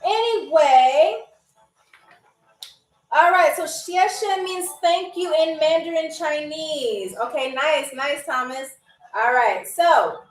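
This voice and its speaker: A high-pitched woman hosts a live trivia game show, teasing her commenters playfully and sounding phrases out slowly. She stands a bit back from the mic in an echoey room, with faint music behind her. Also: far from the mic. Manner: slow, careful spelling-out of foreign phrases.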